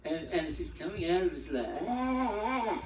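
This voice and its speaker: Animated man teaching in an echoey room. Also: on the high side, quick pace, slight background noise. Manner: animated, acts out quoted feelings, repeats words. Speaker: spiritual teacher. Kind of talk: teaching talk to a group. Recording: echoey room, mic at a distance.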